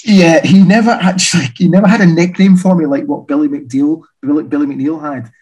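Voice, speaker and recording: A man speaks as an author in a relaxed interview, with a husky edge to his voice. He tells long anecdotes and laughs as he goes. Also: on the high side, fairly quick, rough recording. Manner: chatty storyteller, laughs while telling anecdotes. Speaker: author and guest. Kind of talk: casual interview chat.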